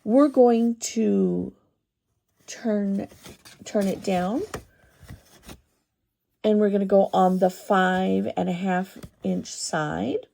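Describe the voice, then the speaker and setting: A woman hosting a papercraft tutorial, talking through each step in an unhurried, think-aloud way. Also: mid-range voice, steady tone, vocal fry, warm tone. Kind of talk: craft tutorial demonstration.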